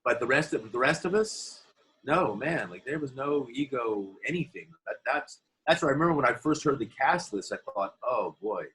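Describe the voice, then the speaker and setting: A man, an actor being interviewed, telling animated anecdotes from film sets in a casual way. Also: medium pitch, moderate pace, poor audio. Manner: animated anecdotes, acts out quoted voices. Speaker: actor guest. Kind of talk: interview storytelling.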